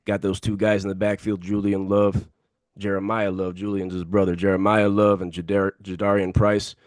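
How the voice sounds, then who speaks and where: A man's voice: low voice, flat delivery, moderate pace, darkish tone, dry recording, studio quality. A man co-hosting a casual sports podcast, giving confident, emphatic picks and repeating himself for emphasis. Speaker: podcast co-host.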